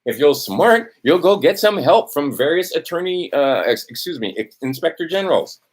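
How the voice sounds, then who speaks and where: A man's voice: a little high, very animated, normal speed, husky. A man ranting to camera, swearing often, tossing in "right?" and losing his place in his notes. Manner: profane, testy, repeats "right?". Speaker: vlogger. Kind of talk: heated ranting monologue to camera.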